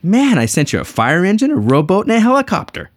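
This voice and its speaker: A man's voice: sits high, wildly swooping pitch, fast talker, dry recording, studio quality, pitched above the performer's own voice, exaggerated voice. A man voicing God as amused and exasperated, answering with wry disbelief. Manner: incredulous, wry.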